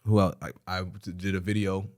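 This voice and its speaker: A man, hosting a podcast in casual chat and telling stories in an animated, slangy way. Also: low-pitched, fairly quick. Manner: slangy, animated storytelling with profanity. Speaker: podcast host.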